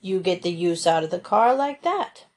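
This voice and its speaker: A woman putting on a slow, drawling old farmer. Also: lowish voice, lively intonation, darkish tone. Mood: stubborn. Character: deaf lanky old male farmer, slow and stubborn.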